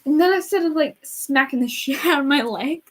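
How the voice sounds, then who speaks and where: A teenage girl chatting casually in a storytime vlog, rambling and dramatic, with quiet asides. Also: high voice, moderate pace, rough recording. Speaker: vlogger.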